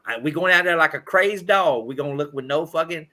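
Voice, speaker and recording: A man's voice: on the high side, fairly quick, bright, forceful tone. A man from Indianapolis hosting a podcast, telling rambling, profane sports stories in casual chat. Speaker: podcast host.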